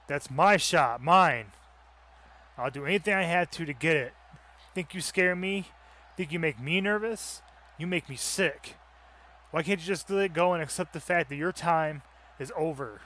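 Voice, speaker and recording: A man voicing an arrogant young pro wrestler, reading a boastful, taunting promo in a loud voice. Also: on the high side, normal speed. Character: cocky young male wrestler, arrogant upstart.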